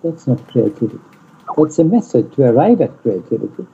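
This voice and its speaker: A man lecturing in an online seminar, deliberate and blunt, stressing single words, over muffled call audio. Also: mid-range voice, very animated, gravelly, mellow, breathy edge. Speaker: lecturer on peace studies. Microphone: video call.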